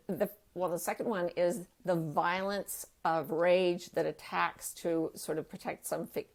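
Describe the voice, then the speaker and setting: A woman's voice: fairly low pitch, vocal fry, a little mellow. A middle-aged woman, a life coach guest on an interview show, speaking with impassioned emphasis in bursts. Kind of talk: conversational interview.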